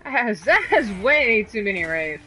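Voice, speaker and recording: A woman's voice: on the high side, big pitch swings, moderate pace, bright, forceful tone, soft background music. A woman streamer commenting live on her gameplay, exclaiming and laughing at the action, with sarcastic remarks. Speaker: streamer playing a video game.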